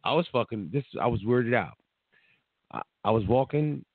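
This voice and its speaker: A man co-hosting a casual talk show tells a rambling, profane story full of false starts. His pitch swings in a lively way. The sound is dry and thin, like a phone line. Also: moderate pace, vocal fry, no room sound. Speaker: co-host. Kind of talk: casual podcast chat.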